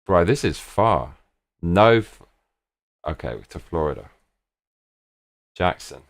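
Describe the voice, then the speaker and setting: A fairly low-voiced man hosting a relaxed live stream. His pitch leaps up and down as he talks himself through plans, excitable and full of "look, look" and "bruv". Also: takes it slowly. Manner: excitable, thinking aloud, repeats 'look' and 'bruv'. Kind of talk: casual chat while planning a trip with viewers.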